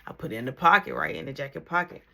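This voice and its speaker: A woman telling a family story casually, slangy and animated, acting out the people in it. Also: low voice, rapid-fire, gravelly.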